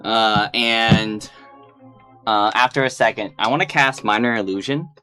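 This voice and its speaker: Hesitant player with a bright voice. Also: mid-range voice, unhurried, soft background music. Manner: hesitant, full of ums and uhs. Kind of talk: casual tabletop play.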